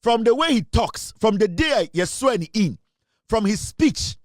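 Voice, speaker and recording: Emphatic high-voiced Ghanaian man. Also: sing-song, unhurried, dry recording, studio quality. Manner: emphatic, forceful, switches between English and Twi. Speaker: political commentator. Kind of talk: passionate news commentary.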